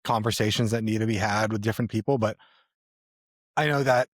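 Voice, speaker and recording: A man co-hosts a podcast, talking candidly and reflectively in a casual chat, with fillers and restarts. His voice sits lowish with fairly even intonation and a fairly quick pace. The recording is dry and of studio quality.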